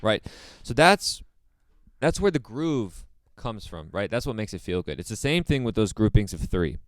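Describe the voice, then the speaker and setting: A man giving a casual drum lesson in a relaxed way, with plenty of fillers and repeated phrases. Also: on the low side, moderate pace, no echo. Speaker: drum teacher. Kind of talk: casual instructional talk.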